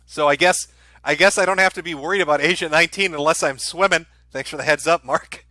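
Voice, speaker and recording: A man's voice: a little high, quick pace, pushed and bright, no echo. A man hosting a livestream and reading viewer donation messages aloud, with a dry, sardonic delivery and the odd chuckle. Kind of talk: casual livestream chat.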